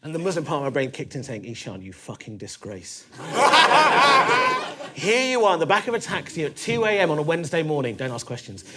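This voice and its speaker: Guy doing stand-up in a club, high voice bouncing everywhere, lots of swearing. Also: very fast, hardly any pauses, heavy background noise. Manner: animated, swearing, punchy storytelling. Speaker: stand-up comedian. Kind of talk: stand-up comedy. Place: comedy club.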